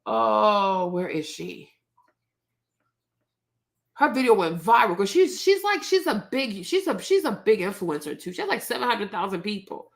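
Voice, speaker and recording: A woman's voice: mid-range voice, sing-song, moderate pace, gravelly, a bit bright. A woman hosting her own show, talking straight to her viewers in outspoken, indignant casual commentary. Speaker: host.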